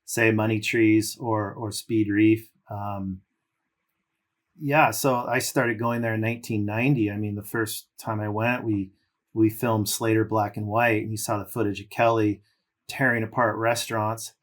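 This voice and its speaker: He's a middle-aged ex-pro surfer from California with a lowish voice and a measured pace. Appearing on a podcast, he rambles comfortably through long anecdotes, leaning on casual fillers.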